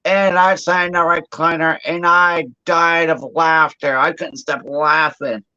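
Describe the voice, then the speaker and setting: Man, casual storyteller, lively and quick, bright tone, dull lo-fi stream sound. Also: on the high side, smooth. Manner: animated, quick, acts out quotes.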